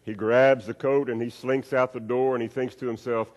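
A man preaching a sermon, acting out a story with swings between loud and hushed delivery. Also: level tone, normal speed, highs cut off. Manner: storytelling with acted-out voices, wide swings in pitch and loudness. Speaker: pastor. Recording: long reverb of a hall.

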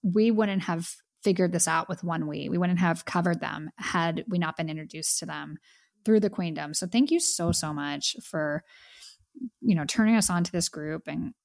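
A woman's voice: fairly low pitch, moderate pace, a little mellow, dry recording, studio quality. A woman co-hosting a podcast, chatting with enthusiasm about an album and saying "like" a lot. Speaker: podcast co-host. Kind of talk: casual music review chat.

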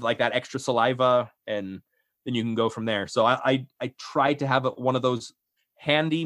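A man's voice: mid-range voice, no room sound, clean studio sound. A young adult man, a voice actor, chatting casually in an interview in a self-effacing way. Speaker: voice actor and audiobook narrator.

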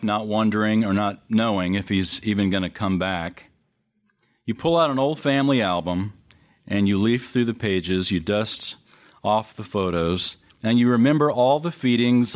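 A middle-aged male pastor preaching a sermon, telling a long story with sudden rises and drops in his voice and hesitant restarts. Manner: storytelling, wide swings in pitch and loudness, hesitant restarts.

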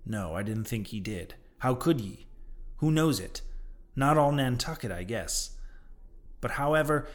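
A man's voice: mid-range voice, lively intonation, measured pace, lightly acted. A man voicing a ragged old male sailor prophet who talks in emphatic, mocking old-fashioned sea speech. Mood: ominous. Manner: archaic sailor talk, emphatic, derisive.

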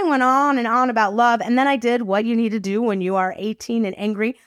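A woman hosting a faith podcast, telling a personal story in a lively, expressive, casual way. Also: fairly high pitch, brisk, few pauses, no echo, studio quality. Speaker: podcast host. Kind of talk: faith-based storytelling talk.

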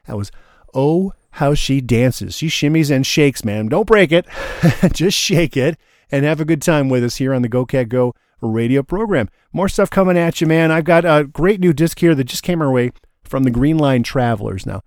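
A man's voice: on the high side, expressive, normal speed, darkish tone, no echo. A man hosting a live radio show as DJ, talking in an enthusiastic, easygoing way from a studio.

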